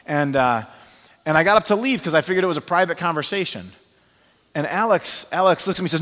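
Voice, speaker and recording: A male pastor preaching a sermon as an animated storyteller who uses many fillers. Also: fairly high pitch, fast talker. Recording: long reverb of a large hall.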